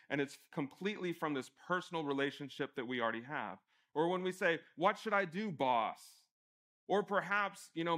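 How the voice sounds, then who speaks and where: A young male pastor preaching in a relaxed, conversational tone, slightly higher-pitched than most men. He jokes at his own expense and acts out people calling to each other. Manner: conversational, self-deprecating, animated when acting out calls. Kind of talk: sermon.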